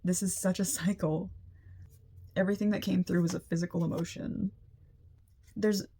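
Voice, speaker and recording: A woman's voice: fairly low pitch, fairly even intonation, moderate pace, warm tone, husky. A young woman giving a casual, empathetic energy reading, chatty and full of "like" fillers. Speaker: energy reader. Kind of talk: casual spiritual reading to camera.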